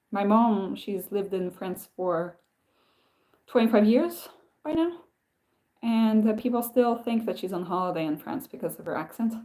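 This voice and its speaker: Swedish woman hosting a casual livestream, unhurried and soft-toned, thinks aloud with fillers. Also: mid-range voice. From Sweden. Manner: rambling, musing, frequent "like" and "um". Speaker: livestream host.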